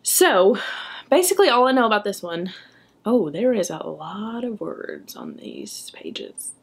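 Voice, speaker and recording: A young woman chatting enthusiastically in a book vlog, often tagging her remarks with a quick "okay?". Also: mid-range voice, huge pitch swings, vocal fry, breathy edge. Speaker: book vlogger. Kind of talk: casual chat.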